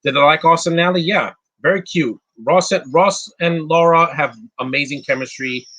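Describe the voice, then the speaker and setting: Here the same blunt, opinionated movie commentator is sharp in tone, with a fairly high pitch and a moderate pace. He fields chat questions live, trading insults, restarting often, and filling gaps with verbal fillers.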